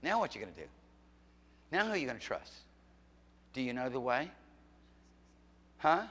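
Fiery preaching pastor in a reverberant church. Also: male voice, medium pitch, sing-song, normal speed. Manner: preaches with sudden swings from loud to quiet, teasing questions. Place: church sanctuary. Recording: long hall reverb in a church.

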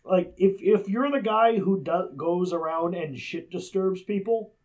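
Podcast guy tossing out dry absurd jokes, kinda high voice, pushes back on his buddy. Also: unhurried, a little mellow, highs cut off. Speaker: podcast co-host. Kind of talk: casual movie-review banter.

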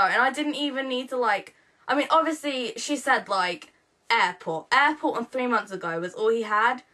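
Teen vlogger, chatty and rambling, bright higher voice, talks to a webcam. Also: female voice. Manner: chatty and rambling, full of fillers and quoted dialogue. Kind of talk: casual storytelling vlog.

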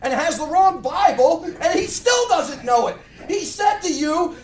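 A man's voice: very high-pitched, expressive, normal speed, hardly any pauses. A middle-aged man preaching a blunt, fiery sermon with many restarts. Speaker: pastor. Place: church sanctuary. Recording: echoey room, mic far off.

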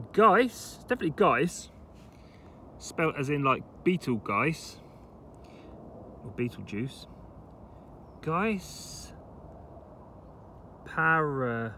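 A man's voice: on the high side, slight background noise. Chatty man vlogging outdoors. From England. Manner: chatty, excitable over finds. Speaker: metal detecting vlogger. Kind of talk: casual vlog commentary. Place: outdoors in a wet field.

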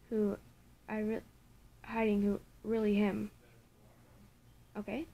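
A woman's voice: mid-range voice, dark tone, slight background noise. A woman reading a fan story aloud, often tripping over words and correcting herself, with exasperated asides. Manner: stumbling reading with frequent self-corrections; breaks off into laughing, exasperated asides. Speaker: story reader.

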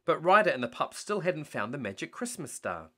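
A man reading a bedtime story aloud in an animated way. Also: on the high side, fairly quick.

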